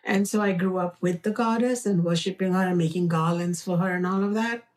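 A woman with an Indian accent, an author being interviewed, speaking in a slow, reflective and earnest way. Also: fairly low pitch, darkish tone, recorded from a distance. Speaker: author guest. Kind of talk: conversational interview.

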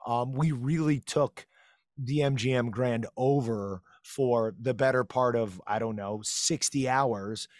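A man's voice: mid-range voice, takes it slowly, no echo, clean studio sound. Enthusiastic man in casual chat. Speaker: podcast co-host.

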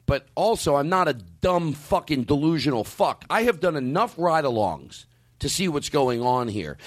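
A man hosting a podcast, talking in a casual, profane, animated way with many restarts. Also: a little high. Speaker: podcast host.

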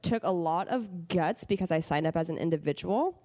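Excitable giggly woman co-host. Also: lowish voice, brisk, background noise. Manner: excitable, laughing storyteller. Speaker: podcast co-host. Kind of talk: casual chat.

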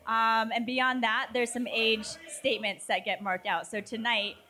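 Woman, brand representative, casual tasting-event talk, upbeat and chatty, bright tone, slightly high pitch. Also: level tone, a little slow. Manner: chatty and upbeat, many "like" fillers.

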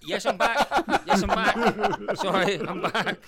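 High-voiced man, apologetic. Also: slow pace, very noisy. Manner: apologetic and giggly. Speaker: podcast co-host. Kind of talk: casual chat.

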